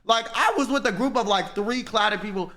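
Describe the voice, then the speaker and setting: A young man streaming, telling stories in casual, profane, animated chat. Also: high voice, normal speed.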